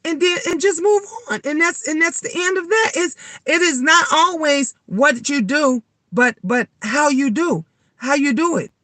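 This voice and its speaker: A middle-aged woman, vlogging in a blunt, animated monologue full of swearing. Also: high voice, unhurried, no room sound. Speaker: vlogger and tarot reader. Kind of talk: casual vlog monologue.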